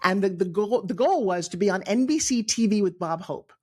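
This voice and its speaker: A middle-aged woman from New York with a New York accent, telling her own life story on a podcast in an animated way, acting out the people she quotes. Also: mid-range voice, fairly quick, breathy edge. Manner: animated, acts out quoted voices, frequent restarts. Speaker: guest storyteller.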